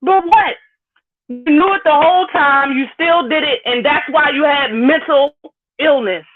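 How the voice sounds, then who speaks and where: A woman's voice: sits high, unhurried. A woman hosting a live stream, ranting bluntly and profanely while greeting viewers in the chat. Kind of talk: heated live-stream rant. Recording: phone-like lo-fi audio.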